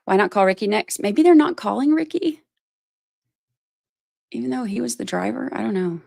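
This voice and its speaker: Chatty woman with a gravelly voice. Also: a little high, lively intonation, normal speed, darkish tone. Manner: chatty, rambling, heavy use of "like" and "you know"; self-deprecating, thinks aloud. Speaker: livestream host commenting on a trial. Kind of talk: casual livestream commentary, reading chat aloud.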